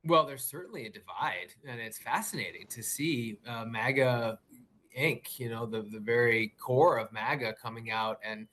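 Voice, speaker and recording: A man reporting live as a news correspondent, measured and pausing on fillers and restarts. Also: mid-range voice, a bit bright, slight background noise. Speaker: White House correspondent.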